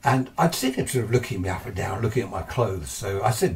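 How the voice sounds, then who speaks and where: A man's voice: lowish voice, animated, a little fast, far from the mic, slight background noise. A man telling a ghostly tale from memory in a casual, hesitant way, full of restarts and asides. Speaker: ghost story narrator. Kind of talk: casual spoken recollection.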